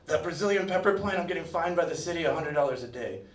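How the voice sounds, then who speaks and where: Man doing irate woman homeowner, older, clipped broken English, high voice, distant mic. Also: animated, quick pace, close to an everyday voice. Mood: bargaining. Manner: blunt, clipped broken phrasing. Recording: echoey room, far from mic.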